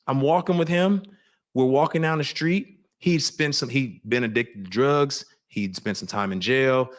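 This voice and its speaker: A man speaking as a guest on an interview show, with an ordinary middle pitch. He talks earnestly and confessionally, reflecting as he goes. He often restarts sentences mid-thought. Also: a little slow. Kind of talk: candid personal storytelling.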